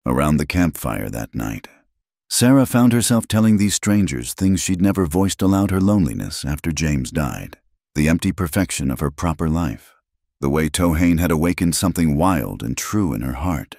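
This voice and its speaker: A very deep male voice narrates a frontier story with dramatic expression. His pitch rises and falls in a lively way. The recording is dry and close, with no room sound. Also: moderate pace, vocal fry, no room sound.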